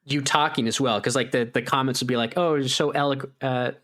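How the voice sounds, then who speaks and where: A man's voice: mid-range voice, fairly even intonation, fast talker, fairly bright tone. A man co-hosting a gaming podcast in casual chat, rambling with lots of "like" and acting out his own reactions in a raised voice. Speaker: podcast co-host.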